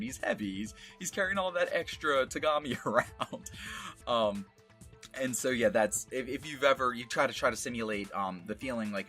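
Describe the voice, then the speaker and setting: Low-voiced man talking about voice acting. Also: fairly bright tone. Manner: rambling and self-amused, with many fillers. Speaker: voice actor. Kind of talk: casual talk about voice acting.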